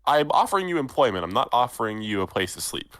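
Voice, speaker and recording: A man's voice: mid-range voice, big pitch swings, fast, a bit bright, no room sound. A man voicing a courteous, wryly amused male nobleman who hires the travellers. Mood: assured.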